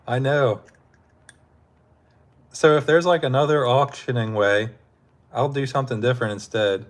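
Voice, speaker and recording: A man's voice: mid-range voice, unhurried, long pauses. A man hosting a casual live stream, laid-back and laughing often as he talks with his chat, his throat sore from hours of talking.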